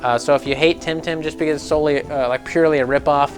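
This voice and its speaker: Animated, sarcastic gaming vlogger man. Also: fairly high pitch, quick pace, soft background music. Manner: animated and sarcastic, swears freely, mocks others in put-on voices. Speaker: gaming news channel host. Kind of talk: casual gaming news commentary.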